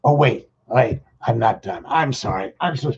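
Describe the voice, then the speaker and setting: Man, middle-aged, husky, lively ups and downs, rambling slangy storytelling, dull lo-fi sound. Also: mid-range voice, normal speed. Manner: rambling, animated, jokey slang. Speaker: vlogger. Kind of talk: casual storytelling monologue. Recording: dull lo-fi recording.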